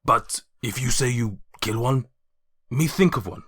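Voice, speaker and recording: A man's voice: mid-range voice, expressive, measured pace, fairly bright tone, husky, voice pushed up. A man voicing a blunt half-orc woman who speaks in clipped, broken grammar in a tabletop game. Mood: proud.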